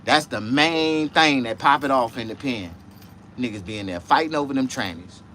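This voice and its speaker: A man hosting a casual livestream chat, rambling and profane, dropping to low mutters and jumping to high excited outbursts. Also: moderate pace, slight background noise. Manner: profane, rambling street talk. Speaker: livestream host.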